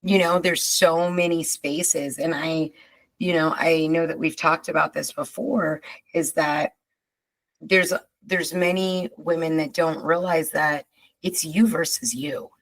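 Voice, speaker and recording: Expressive woman podcast host. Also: sits low, rough recording. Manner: emphatic and expressive, drawn-out asides. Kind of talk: casual chat.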